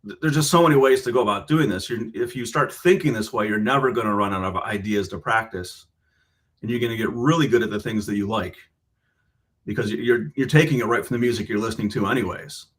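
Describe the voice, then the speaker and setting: A man's voice: fairly low pitch, quick pace. A man who teaches guitar, explaining rhythm and counting subdivisions aloud while checking in with the listener. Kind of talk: explaining and demonstrating a lesson. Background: guitar playing.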